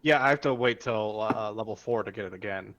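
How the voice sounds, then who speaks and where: A man's voice: lowish voice, fairly quick, a bit bright, muffled recording, slight background noise. A man playing in a tabletop game, chatting casually and hesitantly, restarting his sentences. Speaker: player.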